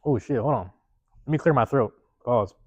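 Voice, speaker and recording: A man hosting a podcast, telling a personal story in a rapid, profane, casual way and acting out the lines of the people in it. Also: mid-range voice, breathy edge, highs cut off. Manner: profane, rapid, animated retelling with acted-out quotes. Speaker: podcast host.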